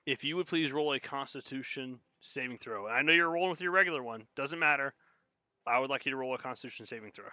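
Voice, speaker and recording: A man running a tabletop game as game master, slowing down for dramatic narration. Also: mid-range voice, pushed and bright, no room sound. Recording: dull, dry lo-fi audio.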